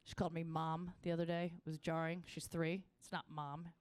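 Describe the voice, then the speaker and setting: A woman's voice: brisk, clear, resonant tone, no room sound. A woman performing a stand-up comedy set on a festival stage, telling profane stories in a brash manner. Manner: jumps to a much higher, excited voice for quoted lines.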